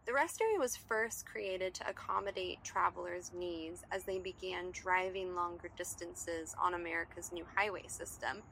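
A woman reading her scripted personal essay in a reflective, gently humorous way, close to a studio mic. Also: fairly low pitch, a little hiss or hum. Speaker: guest essayist.

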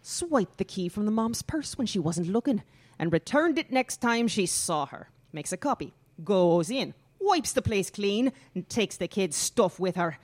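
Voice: medium pitch, sing-song, a little slow. An actor playing a chatty male police lieutenant who tells things in a breezy, slangy way. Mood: explaining. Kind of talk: audio drama acting.

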